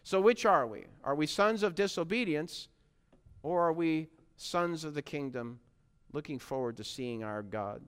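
Earnest male preacher, slightly raised pitch, clear resonant tone, builds to emphatic exclamations. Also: expressive, a little slow, fairly bright tone. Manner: earnest, rises to emphatic exclamations when reading scripture. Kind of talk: sermon.

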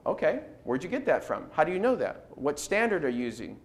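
Animated man teaching a Bible class. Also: fairly high pitch, a little fast. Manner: poses rhetorical questions, acts out quoted replies.

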